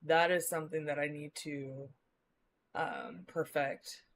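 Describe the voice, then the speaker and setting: A woman's voice: low voice, big pitch swings, slow. A woman from the Midwest, chatting casually with her live-stream viewers as she rambles along, using lots of filler words. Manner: rambling, many filler likes.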